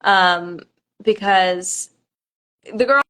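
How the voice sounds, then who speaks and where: A woman's voice: mid-range voice, extremely slow, a bit bright. A young woman, a pageant contestant, chatting on a live stream with nervous laughter and many fillers.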